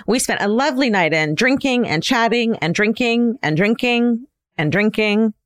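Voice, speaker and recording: A woman co-hosting a podcast, reading listener letters aloud in a casual, animated way with laughs and swearing. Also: fairly high pitch, moderate pace, dry recording.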